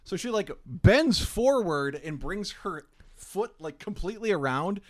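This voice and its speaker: A man's voice: sits high, expressive, measured pace, dry recording. A young man co-hosting a podcast, enthusiastically describing a fight scene step by step. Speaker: podcast co-host. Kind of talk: casual chat.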